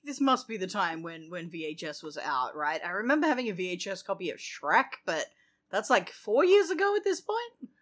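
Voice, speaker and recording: A woman's voice: mid-range voice, sing-song, fairly quick, fairly bright tone. Sarcastic woman co-hosting a podcast. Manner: sarcastic, gleeful. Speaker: podcast co-host. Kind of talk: casual chat.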